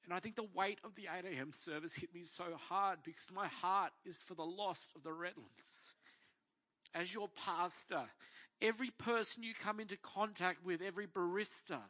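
Animated pastor telling a story. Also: male voice, high voice, moderate pace. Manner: animated storyteller acting out quoted voices. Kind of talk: sermon storytelling.

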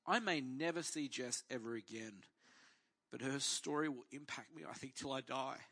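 A man's voice: mid-range voice, normal speed, bright, forceful tone. A middle-aged man, a pastor telling a story in a sermon and acting out the voices of the people in it.

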